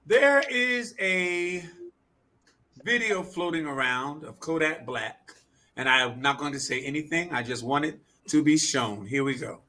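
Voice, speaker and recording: A man's voice: fairly high pitch, measured pace, sharp tone. A man hosting a casual group chat show, playful and teasing, often laughing. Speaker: host.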